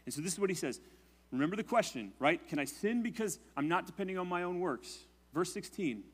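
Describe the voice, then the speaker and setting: Guy pastor preaching, kinda high-pitched, chatty, keeps saying right?. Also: sing-song, a little fast, slightly rough. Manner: conversational preaching, often adding "right?"; prays in a low, hushed voice. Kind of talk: sermon.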